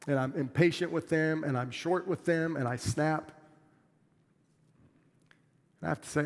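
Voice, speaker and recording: A middle-aged man delivers a sermon from the pulpit, earnest and plainspoken, poking fun at himself. His voice sits a touch high for a man. The sound rings with the long reverb of a large church sanctuary. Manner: earnest, plainspoken, self-deprecating with laughs. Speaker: pastor.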